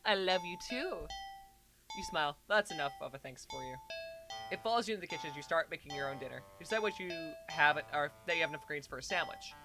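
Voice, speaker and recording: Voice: medium pitch, lively intonation, quick pace, music in the background. Playful streamer reading a story, strained throat. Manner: playful, breaks off from the story to baby-talk a pet cat. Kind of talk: reading a second-person story aloud on a livestream. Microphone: headphones and desk mic.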